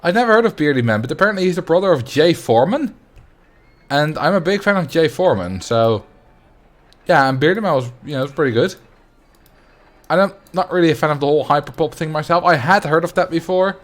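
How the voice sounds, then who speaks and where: A young game streamer from the Netherlands has a slightly high voice with lively intonation and a slightly fast pace. He chats casually on his livestream, laughing frequently and muttering while he builds.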